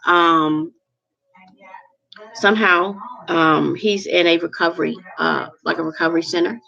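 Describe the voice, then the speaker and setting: A woman's voice: lowish voice, fairly even intonation, a little slow, gravelly, bright, forceful tone, dull audio. A woman in her forties telling a personal story to camera in a chatty, rambling, emotional way with lots of fillers. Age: 40s. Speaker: vlogger.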